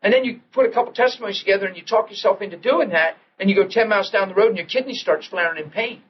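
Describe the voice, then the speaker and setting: Animated high-voiced man preaching. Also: rapid-fire. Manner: animated storytelling, acting out quotes, laughing. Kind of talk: sermon. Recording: dull lo-fi archival audio with faint hiss.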